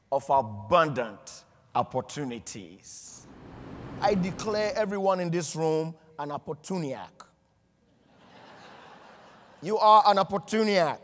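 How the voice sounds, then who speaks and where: A middle-aged motivational speaker, his voice sitting fairly high for a man. He tells funny stories and acts out both sides of each conversation. His words ring out with a long reverb, as in a large event hall. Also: a bit bright. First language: not English. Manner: storytelling with acted dialogue, humorous. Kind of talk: motivational keynote speech.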